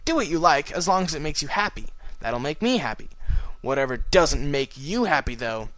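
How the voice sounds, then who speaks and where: A man's voice: fairly high pitch, sing-song, moderate pace, a bit bright, dry recording, low-quality recording. A man voicing an earnest, protective young male dragon in a storybook reading. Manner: earnest, cheerful teasing.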